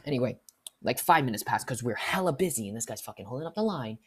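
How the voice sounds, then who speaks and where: Young man, casual storytime vlog, exasperated, slangy, animated pitch, husky. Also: fast talker. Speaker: fast-food worker telling a story.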